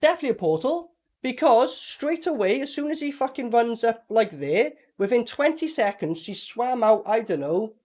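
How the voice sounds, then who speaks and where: A man casually reviewing a film with a co-host, animated and mocking, swearing often. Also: extremely high pitch, moderate pace, few pauses. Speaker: movie reviewer. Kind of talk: casual movie review chat.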